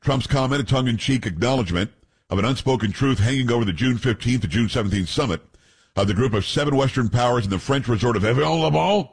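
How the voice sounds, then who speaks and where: Husky blunt talk radio host man. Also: mid-range voice, fast talker. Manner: joking, rambling asides with co-hosts; blunt, frank opinions. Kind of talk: opinionated talk radio, reading news aloud.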